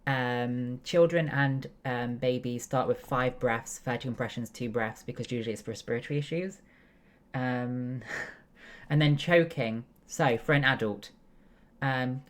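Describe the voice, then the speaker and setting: Very deep-voiced young woman streamer. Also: unhurried. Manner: explains step by step, many fillers, chatty asides. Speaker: streamer and nursing student. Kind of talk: casual chat while gaming.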